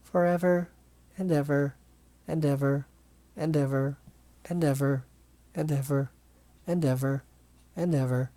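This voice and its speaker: A man's voice: on the high side, steady tone, unhurried, pauses often, lightly acted. A man doing a sugary, menacing villain teacher. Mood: sweetly menacing. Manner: sing-song and menacing. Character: creepy cheerful woman dance teacher, villain. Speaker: let's play reader voicing game characters. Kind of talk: reading game dialogue aloud. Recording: loud game music behind.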